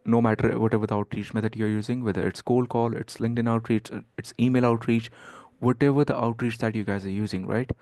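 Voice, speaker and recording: A man's voice: medium pitch, fairly even intonation, fast, few pauses, darkish tone, no room sound. A man coaching a group on a call, loose and filler-heavy, checking in with "okay" and "right". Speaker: outreach coach.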